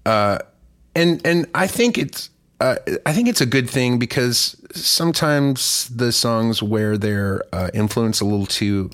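Man, musician host, casual rambling chat, profane and jokey, has a cough, lowish voice, lively pitch. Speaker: musician hosting a song club.

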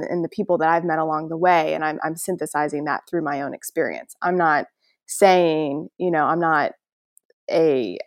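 A woman speaking as a podcast guest in casual storytelling, animated and laughing often as she acts out voices. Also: low-pitched, no room sound, clean studio sound.

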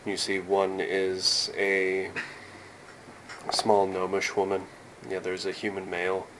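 A man narrates a tabletop game as game master, calm and descriptive. His voice is low and mostly flat in pitch. A steady hiss sits under the recording. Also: unhurried.

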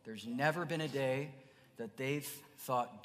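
A man preaching a sermon as pastor, earnest, dropping to soft murmurs then rising to emphatic bursts. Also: medium pitch, takes it slowly. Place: church sanctuary. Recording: church hall reverb.

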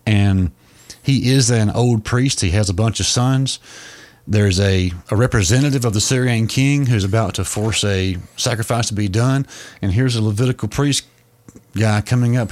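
A man's voice: fairly low pitch, darkish tone. A man co-hosting a podcast, explaining a long story in a casual way, with frequent restarts. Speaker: podcast co-host.

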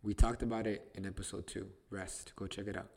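A man's voice: lowish voice, level tone, brisk, vocal fry, a little mellow, a little hiss or hum. A man hosting a podcast, teaching the Bible in casual conversation, emphatic and repetitive, restarting phrases to stress them.

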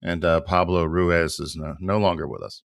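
A man's voice: low-pitched, fairly even intonation, moderate pace, gravelly, dry recording, clean studio sound. A man hosting a casual chat show, reacting to his co-host and reading out news stories. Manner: reacts with exclamations, then reads out news stories. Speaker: podcast host.

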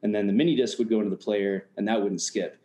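A man from the United States tells a story in a low-ish, warm voice that stays steady while moving fast. He's laid-back, slangy and profane, dropping fillers like "you know what I mean." The recording has a roomy echo.

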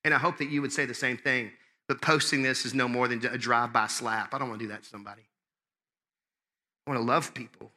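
A man preaching a sermon as pastor, conversational and impassioned, swinging between loud and hushed. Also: medium pitch, steady tone, quick pace.

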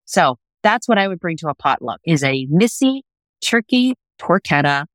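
Animated middle-aged woman telling a story. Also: fairly low pitch, normal speed, dry recording, rough recording. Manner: lively, vivid storytelling. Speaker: guest, food TV producer. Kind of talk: casual podcast interview. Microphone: remote call.

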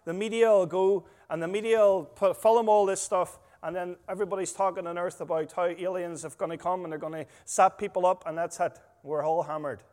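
A man preaching a sermon, emphatic and full of stories, his volume swinging between loud stresses and quiet asides. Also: high voice, steady tone, a little fast, hardly any pauses. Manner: emphatic, storytelling, rising and dropping volume. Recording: long hall reverb.

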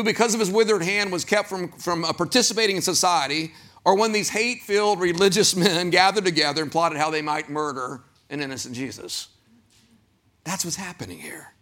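In a high-pitched voice, a man preaches animatedly as pastor, voicing the people he quotes and posing questions to his congregation.

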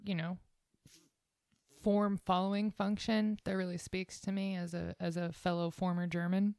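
A woman's voice: on the low side, little pitch movement, normal speed, gravelly, darkish tone, no room sound. A woman guest on a podcast, chatting casually with joking, self-deprecating humor. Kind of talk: casual chat.

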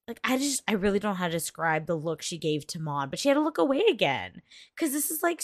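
A woman's voice: mid-range voice, no room sound, studio quality. A woman in casual reaction chat, recapping an emotional series scene with laughs and fillers. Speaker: co-host of a reaction show.

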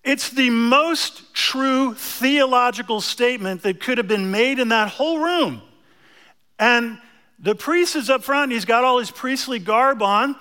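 Bright, high-voiced male preacher. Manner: storytelling, animated emphasis, asides to the congregation. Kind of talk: sermon.

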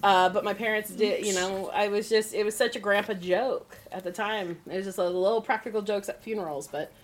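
A woman co-hosting a casual podcast, spinning a rambling story at a middling pitch. She talks in a loose, chatty way and laughs often along the way. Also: steady tone, fairly quick, a little hiss or hum. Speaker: podcast co-host.

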